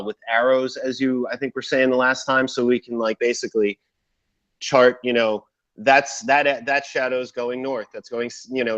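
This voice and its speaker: A man's voice: mid-range voice, a bit bright, lo-fi sound. A male guest on a video call who speaks hesitantly, with many fillers. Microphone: video call camera.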